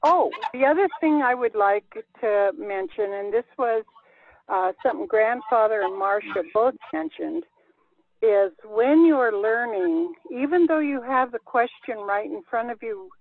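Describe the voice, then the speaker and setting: A woman's voice: a little high, expressive, a little slow, no room sound. Woman teaching a class over a thin, phone-like call. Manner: patient, explanatory. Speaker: language teacher. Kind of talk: leading a group language class. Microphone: video call. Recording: dry, phone-like video call audio.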